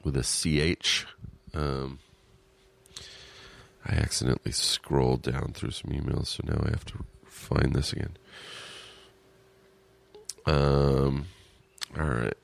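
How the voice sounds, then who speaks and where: Very deep-voiced man with sniffles. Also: steady tone, slow, vocal fry, long pauses. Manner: rambling, self-deprecating, profane asides. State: sniffly with allergies. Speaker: podcast co-host. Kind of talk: casual chat, reading listener emails. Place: at home in his apartment.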